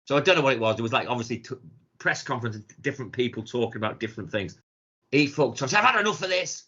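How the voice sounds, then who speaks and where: On a podcast he co-hosts, a man chats casually and tells swear-filled stories, imitating the voices of the people he quotes. He talks fast in a medium pitch with a fairly bright, slightly rough tone, and the lo-fi recording sounds dull.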